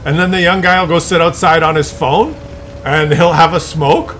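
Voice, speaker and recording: Guy vlogging, fed up and animated, lots of stop-start restarts, faint background noise. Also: a little high, normal speed. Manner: exasperated, animated, many restarts. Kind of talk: comic storytelling to camera.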